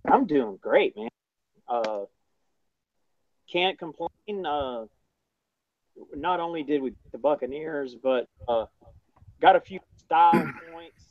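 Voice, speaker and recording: A man's voice: fairly high pitch, expressive, slow pace, long pauses, dry recording, lo-fi sound. A man co-hosting a sports podcast, talking casually with frequent hesitations and fillers. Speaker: podcast co-host.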